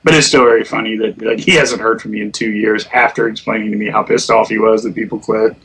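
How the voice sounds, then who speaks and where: His voice is low-ish, steady and fairly bright, and he talks fast. He's a profane, laughing storyteller recounting online gaming moments and acting out the lines.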